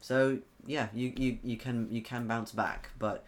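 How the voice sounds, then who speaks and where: A man's voice: medium pitch, flat delivery, measured pace. A man, co-hosting a casual chat about tabletop games as a game master, rambling and often restarting his sentences. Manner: rambling, self-correcting, reads chat aloud. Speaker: podcast co-host and game master.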